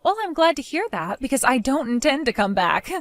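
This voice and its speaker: A sarcastic young daughter-in-law from an animated storytime cartoon, played by a woman, mocking and defiant. Her fairly high voice rises and falls with lively inflection. The recording is dry and close. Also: brisk, dry recording. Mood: cold. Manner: sarcastic, mocking, laughs often.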